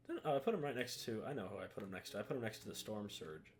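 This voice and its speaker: A man giving relaxed, offhand commentary while ranking miniatures, often saying "uh" and "eh". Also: on the low side, very fast, hardly any pauses, soft background music. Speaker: hobby video creator. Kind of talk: casual tier-list commentary.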